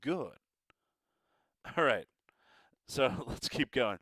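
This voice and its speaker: A man's voice: medium pitch, very animated, measured pace, pauses often, bright, forceful tone, dry recording. A man teaching a math lesson, encouraging and playful with joking asides.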